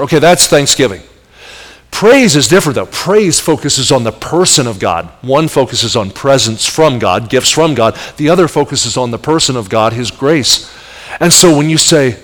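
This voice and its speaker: A man's voice: medium pitch, normal speed. Middle-aged man preaching in a reverberant hall. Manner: animated preaching with rising emphatic peaks and soft asides. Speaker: pastor. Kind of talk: sermon.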